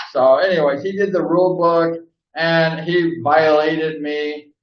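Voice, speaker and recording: A man's voice: on the high side, fairly even intonation, moderate pace, very noisy. An older man rambling through old stories in a casual monologue, laughing now and then and acting out the people he quotes. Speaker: host. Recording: roomy, distant, dull sound.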